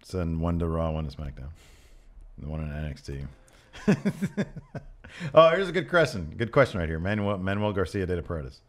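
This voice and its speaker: A man's voice: low-pitched, very animated, moderate pace, long pauses. A man co-hosting a podcast in casual chat, jokey and laughing often. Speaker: podcast co-host.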